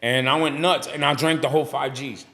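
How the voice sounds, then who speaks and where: Animated man telling stories. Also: mid-range voice, brisk. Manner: animated storyteller who acts out quoted people. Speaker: guest, barbershop owner and pastor. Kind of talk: casual podcast storytelling.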